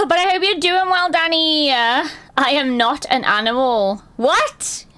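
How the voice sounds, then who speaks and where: A woman chats on a live stream, rambling through anecdotes with plenty of swearing and laughter. Her voice sits a little higher than most women's. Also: a little slow, sharp tone. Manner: chatty storytelling, frequent swearing and laughter. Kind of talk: casual chat stream.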